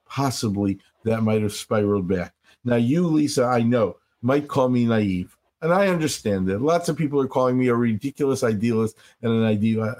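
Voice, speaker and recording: An older man speaks in an earnest, storytelling way, often slowing down to lean on his key points. His voice sits at a middle pitch for a man, and he talks like a rabbi sharing reflections in a conversation. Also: darkish tone. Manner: earnest, storytelling, slows for emphasis. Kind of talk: reflective interview talk.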